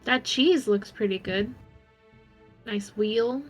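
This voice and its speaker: A woman's voice: fairly high pitch, slow, faint music behind. A woman playing a tabletop game, joking around playfully with the table. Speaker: player. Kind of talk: casual tabletop play.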